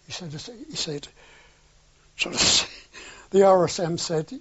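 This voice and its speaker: A man's voice: fairly high pitch, takes it slowly, pauses often, fairly bright tone, a little hiss or hum. An older man telling a wartime anecdote in an oral history interview, acting out the dialogue with a chuckle now and then. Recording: dull lo-fi recording.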